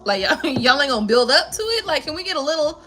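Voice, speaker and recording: A woman's voice: high voice, big pitch swings, fast talker, bright, forceful tone, soft background music. A woman hosting a live stream who chats casually with viewers in a playful, laughing way and swears freely. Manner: chatty, laughing, profane and playful. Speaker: tarot reader and live stream host.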